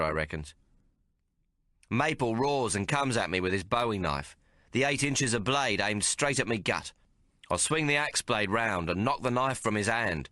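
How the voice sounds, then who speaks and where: A man narrating an audiobook in the first person with rough, colloquial frontier dialect. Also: on the low side, sharp tone, no room sound, clean studio sound.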